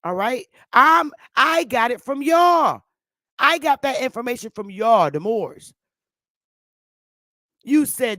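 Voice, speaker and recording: A woman's voice: fairly high pitch, big pitch swings, takes it slowly, pauses often, dry recording. Woman streamer, combative and profane, casual rant, dry close sound. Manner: profane, combative, loud outbursts. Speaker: livestream host. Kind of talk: heated casual livestream rant.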